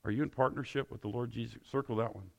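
A man's voice: medium pitch, fast talker, gravelly. A male pastor preaching a sermon, pressing his listeners with repeated, emphatic questions.

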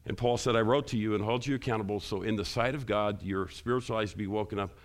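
Preaching from the pulpit, this man quizzes his congregation and gets louder and higher in pitch to emphasize key points. He talks fast.

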